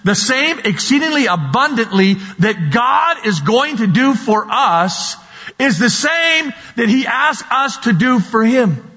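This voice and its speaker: Male preacher, high husky voice, slow emphatic delivery, long hall reverb, dull recording. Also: sing-song, pushed and bright. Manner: slow, emphatic, repeating key words. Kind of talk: sermon.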